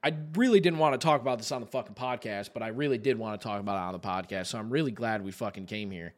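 A podcast host with a fairly low-pitched voice talks fast, telling a long story in casual chat. He rambles and curses heavily, packing in "like" fillers. Animated, he re-enacts what others said in quoted asides.

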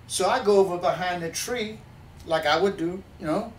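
A man from the backwoods telling a folksy story in an animated, plainspoken way, often restarting mid-sentence. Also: high-pitched, normal speed, echoey room, recorded from a distance, slight background noise, poor audio. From backwoods countryside.

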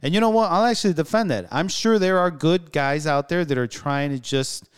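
A man in casual conversation, telling animated stories and repeating phrases as he talks. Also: fairly high pitch, fairly quick, smooth. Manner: animated storyteller, repeats himself.

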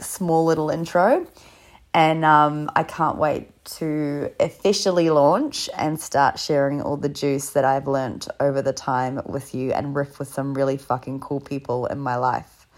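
Low-voiced sick woman hosting a podcast. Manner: upbeat, swears freely. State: sick, close to losing her voice. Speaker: podcast host. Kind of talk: casual solo podcast intro. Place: in bed at home.

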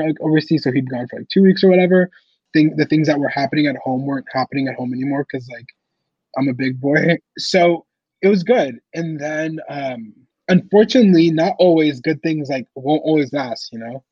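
A young man with a husky, slightly breathy voice recounts his story in an easygoing way, peppering nearly every phrase with "like". The recording is dry and a bit dull, with no room around him. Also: on the high side, a little fast, no echo. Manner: casual, heavy use of "like" fillers. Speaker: podcast guest. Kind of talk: personal storytelling interview.

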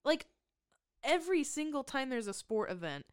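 A woman's voice: high voice, very animated, moderate pace, smooth, no room sound, studio quality. A woman co-hosting a podcast, recapping a movie in casual chat with sarcastic, swearing asides. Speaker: podcast co-host.

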